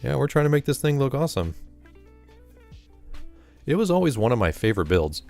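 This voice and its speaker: A man's voice: mid-range voice, sing-song, a little fast, gravelly, darkish tone, soft background music. A man chatting casually during a live stream, rambling and correcting himself, a little out of breath after exercise.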